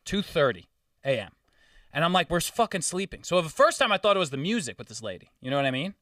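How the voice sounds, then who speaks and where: A young man hosting a podcast, telling a story in casual chat, swearing often and getting animated. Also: on the high side, fast talker, no room sound, studio quality, far from the mic. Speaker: podcast host.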